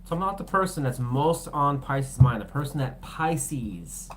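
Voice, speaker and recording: A woman's voice: deep voice, expressive, unhurried, noisy background. A woman giving a casual tarot reading, rambling and joking between cards and swearing now and then. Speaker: tarot reader.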